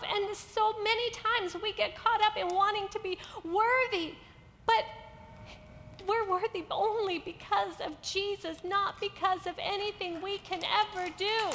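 High-voiced woman preaching in a hall. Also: steady tone, a little slow, a bit bright. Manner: earnest, building to emphatic repetition. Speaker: pastor. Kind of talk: sermon to a women's gathering.

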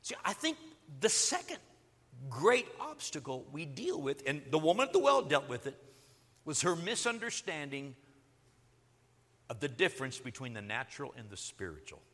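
A pastor with a high, bright voice delivers a sermon at a moderate pace, preaching animatedly and acting out the quotes he cites. He's in a church sanctuary, and the recording carries the long reverb of a church hall.

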